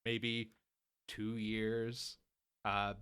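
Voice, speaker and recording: A man's voice: on the low side, monotone, very slow, fairly bright tone, smooth. A married man co-hosting a casual podcast chat, laying out his points at length and with emphasis. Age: adult, married. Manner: long-winded, laying out rules with emphasis. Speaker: podcast co-host.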